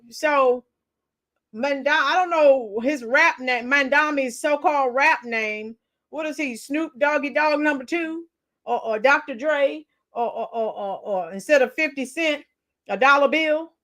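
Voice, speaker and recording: A woman with a high voice hosts a live stream in casual chat. She mocks her subjects and calls out to viewers in an animated, lively way. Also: measured pace. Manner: mocking, animated, talks to chat.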